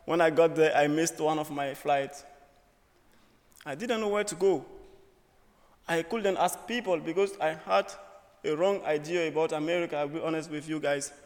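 Young man telling a story in a reverberant hall. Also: fairly high pitch. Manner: earnest, humorous storytelling in short phrases. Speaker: student speaker. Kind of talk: personal story speech. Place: auditorium.

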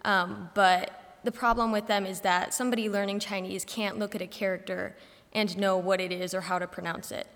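Young woman, student presenter, relaxed anecdotal delivery, mid pitch, long hall reverb. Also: normal speed. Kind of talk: informal class presentation.

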